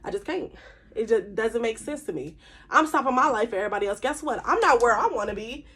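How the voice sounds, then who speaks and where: A woman's voice: a little high, animated, fast, a bit bright, husky. A woman, talking candidly and emphatically to camera in a casual vlog monologue. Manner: candid, emphatic, conversational with slang. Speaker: vlogger.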